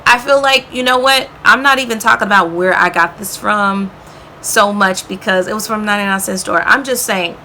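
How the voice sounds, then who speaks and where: A woman's voice: medium pitch, moderate pace, pushed and bright, slight background noise. A woman beauty vlogger chatting enthusiastically about her favorite products, calling viewers y'all and girl and tagging sentences with "okay?". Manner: frequent "okay?" tags.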